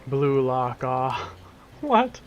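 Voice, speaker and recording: A man's voice: medium pitch, very animated, drawn-out words, lo-fi sound, slight background noise. A young man streaming a game, chatting casually, swearing and joking back at his chat. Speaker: gaming streamer. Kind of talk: casual profane gameplay commentary.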